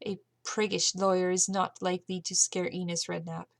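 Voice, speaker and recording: Low-voiced woman reading aloud. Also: normal speed, gravelly. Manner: steady reading with occasional slips and self-corrections. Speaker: audiobook reader. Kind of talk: amateur audiobook narration.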